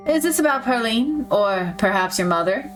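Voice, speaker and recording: A woman voicing a nervous middle-aged male pastor in a put-on Southern accent, talking softly and earnestly. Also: a little high, animated, normal speed, faint music behind, close to an everyday voice. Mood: soothing.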